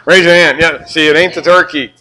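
Bright-voiced older Southern pastor. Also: male voice, fairly high pitch, a little fast, rough recording. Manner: animated, joking with the congregation. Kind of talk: sermon.

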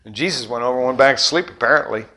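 A middle-aged man preaching a sermon, telling the story with great animation, jumping between loud exclamations and quiet asides. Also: medium pitch, rapid-fire. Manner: animated storytelling, acting out voices and sound effects. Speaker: pastor.

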